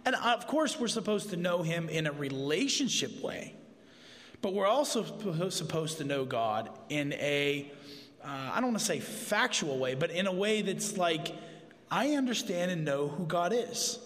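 A man's voice: on the high side, big pitch swings, measured pace, a bit bright. A man preaching a conversational sermon to his church, informal and joking in asides. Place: church sanctuary. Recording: long hall reverb.

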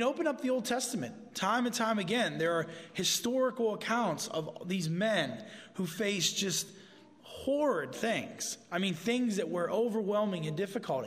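Higher-voiced man preaching in a reverberant hall. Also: a bit bright. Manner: informal, with asides and humor. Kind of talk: conversational sermon. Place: church sanctuary.

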